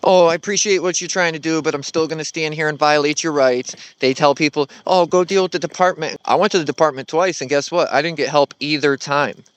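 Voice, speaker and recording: A man's voice: fairly high pitch, fairly even intonation, brisk, few pauses, a bit bright, smooth, no echo. A man giving blunt, sarcastic commentary on a video clip.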